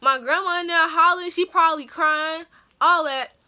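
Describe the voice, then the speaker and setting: Speaking at a moderate pace, a young female vlogger relates a story in a bright, high-pitched voice. She keeps it loose and slangy, animated throughout, and keeps turning to her viewers with casual asides.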